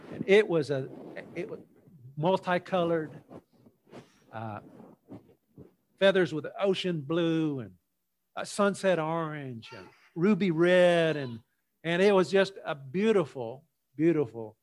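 A male pastor preaching a sermon in church, opening with a folksy, unhurried joke story before his teaching. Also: a little high.

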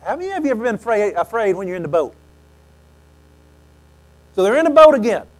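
Animated man preaching a sermon. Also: high-pitched, fast, poor audio. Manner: animated storytelling, acting out quoted lines, frequent throat clearing.

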